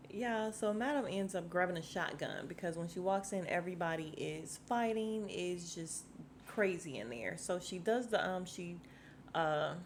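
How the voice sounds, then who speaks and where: There's slight background noise as a lowish-voiced woman hosts a relaxed podcast. She recaps a TV episode conversationally, retelling its scenes in quoted voices.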